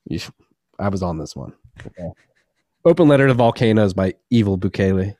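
A man's voice: on the low side, expressive, moderate pace, darkish tone, no room sound, studio quality. A man in his thirties co-hosting a podcast, joking and loose in casual chat. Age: 30s. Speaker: podcast co-host.

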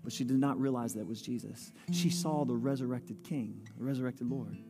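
A man's voice: mid-range voice, moderate pace. A man preaching a sermon, reading scripture aloud and putting questions to his listeners. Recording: long hall reverb with faint music.

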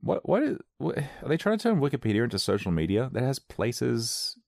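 A man riffing through a sarcastic, playful solo comedy monologue. His mid-pitched voice is very lively and swings a lot. The sound is dry and close, with no room echo. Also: brisk, gravelly. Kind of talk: rambling comic monologue.

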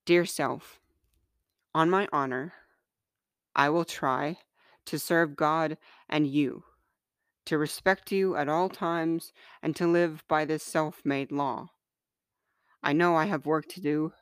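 Woman, author reading her own confessional letters; slow, smooth, close dry sound. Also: sits low, steady tone, no room sound.

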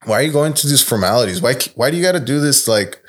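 A man's voice: mid-range voice, lively intonation, quick pace. A young man, a podcast guest, telling a story in casual chat, acting out the voices of the people in it and swearing freely.

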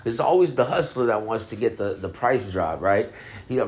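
A man's voice: on the low side, lively intonation, moderate pace, a little mellow. A man hosting a casual podcast, stoned and laid-back, rambling and laughing often as he talks about music. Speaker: podcast host reviewing music. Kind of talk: casual chat.

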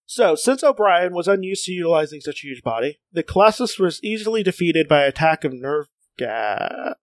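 A man's voice: a little high, big pitch swings, normal speed, no room sound. A man co-hosting a casual comics podcast. He reads passages aloud, laughs a lot and often restarts his sentences. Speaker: podcast co-host.

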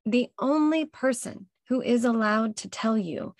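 Woman podcast host, unhurried and emphatic, uplifting self-help delivery, dry close recording. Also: fairly high pitch, darkish tone, dry recording. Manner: slow, emphatic, encouraging, repeats key phrases. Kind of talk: motivational self-help talk.

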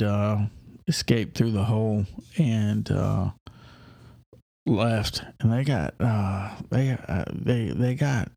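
A man's voice: lowish voice, gravelly, a little mellow, dry recording, studio quality. A man talking casually in a rambling, enthusiastic monologue, full of hesitations and restarts.

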